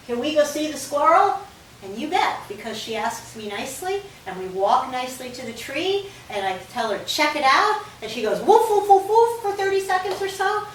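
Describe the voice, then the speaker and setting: A woman dog trainer explains each step clearly in a somewhat high voice. She sounds far from the mic in a very echoey room, with a faint hiss underneath. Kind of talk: instructional talk.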